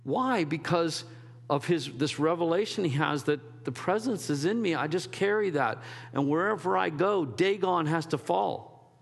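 A man's voice: fairly high pitch, normal speed, vocal fry, husky, long reverb tail. A man preaching a sermon as a pastor, in a conversational, rambling way with restarts and quoted asides.

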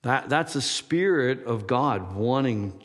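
A pastor in his sixties delivers a loose, conversational sermon, wandering off track and joking at his own expense. His voice sits at an ordinary pitch for a man. The sound rings on in a long hall reverb. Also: animated, slow pace, a bit bright. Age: 60s. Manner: rambling, self-deprecating, laughs at himself.

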